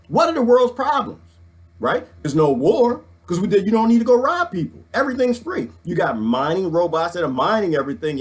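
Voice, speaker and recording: A middle-aged man, ranting excitedly to his viewers, preaching and swinging his handheld mic as he talks. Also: fairly high pitch. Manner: swings the mic around while talking. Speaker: vlogger. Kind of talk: excited casual rant.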